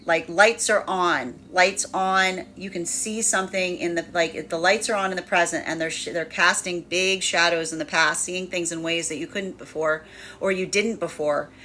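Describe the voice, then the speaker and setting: A woman's voice: lowish voice, fairly even intonation, normal speed, bright, forceful tone, slight background noise. A woman giving a casual spoken tarot reading, chatty and full of fillers, often laughing while she acts out what people might say. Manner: chatty, with many fillers, laughing while acting out quoted voices. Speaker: tarot reader.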